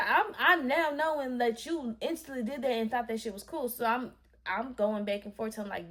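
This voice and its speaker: A woman's voice: mid-range voice, brisk. Candid young woman telling a story. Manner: candid, emphatic, profane, addresses viewers as y'all. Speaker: storytime vlogger. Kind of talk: casual storytelling to camera. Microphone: camera facing the speaker.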